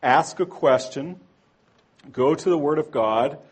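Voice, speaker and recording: A man's voice: on the high side, slow, husky. A man teaching a church training class in a conversational way, tossing in rhetorical asides and correcting himself aloud. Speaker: Bible teacher.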